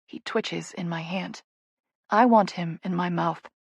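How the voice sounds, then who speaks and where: A woman's voice: fairly low pitch, a little slow, vocal fry, husky, dry recording. A woman narrating a first-person romance audiobook in an intimate, playful way, on a close studio mic.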